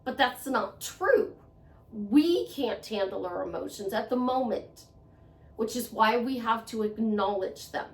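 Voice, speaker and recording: A woman's voice: a little high, lively intonation, a little slow. Earnest woman giving advice in an echoey room. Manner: earnest, conversational, repeats phrases for emphasis. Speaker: self-help vlogger. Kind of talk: motivational monologue to camera. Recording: echoey room, voice a bit far from mic.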